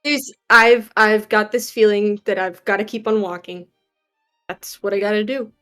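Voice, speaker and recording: A woman's voice: mid-range voice, steady tone, normal speed, fairly bright tone, smooth, faint music behind. Laid-back woman playing a tabletop game. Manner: laid-back, laughs often. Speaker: player. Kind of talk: casual tabletop game play.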